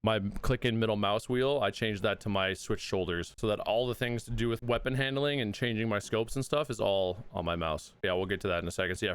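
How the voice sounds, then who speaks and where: A man's voice: fairly low pitch, a bit bright, clear, resonant tone. A man giving a casual gaming tutorial, slightly out of breath, chatty and laid-back, with occasional mild swearing. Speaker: gaming video creator.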